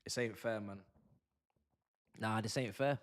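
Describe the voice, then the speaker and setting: A man's voice: lowish voice, unhurried. A young man chatting through a live football watch-along, full of slang and banter with his chat.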